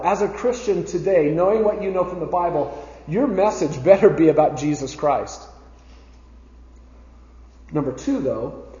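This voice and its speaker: A man with a fairly high voice teaches a Bible class, emphatic and conversational, restarting phrases as he thinks. He sounds muffled and dull, with a long echo from a large room. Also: dark tone. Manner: emphatic, conversational, repeats words while thinking. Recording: echoey, dull room recording.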